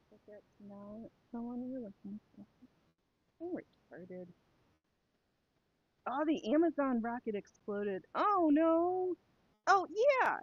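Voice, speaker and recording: A woman's voice: fairly high pitch, breathy edge, no echo, lo-fi sound. A woman chatting casually to her live stream while sewing, rambling and talking to herself and her pets.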